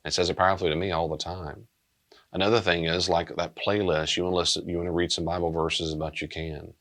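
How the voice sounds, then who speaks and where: Low-voiced, subdued man teaching as pastor. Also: little pitch movement, fast, a bit bright. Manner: earnest, plain-spoken, subdued.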